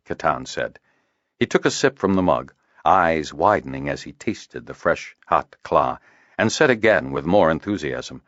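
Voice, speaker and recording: A man narrating a fantasy audiobook in a measured storytelling manner. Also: very deep voice, lively intonation, no room sound, muffled recording. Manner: measured storytelling, varied intonation. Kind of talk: scripted narration.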